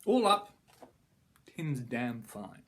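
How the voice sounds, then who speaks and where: A young man rambles through a casual product review with a playful, mock-grand tone. His voice is bright and sharp, and his pitch leaps up and down all the time. He heaps jokey praise on ordinary things. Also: very animated, drawn-out words.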